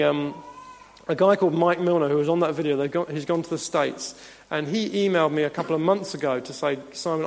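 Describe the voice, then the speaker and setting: A pastor preaches an earnest, emphatic sermon in a church hall, chuckling now and then between points. His voice is fairly high with vocal fry. The hall's long reverb carries through the recording.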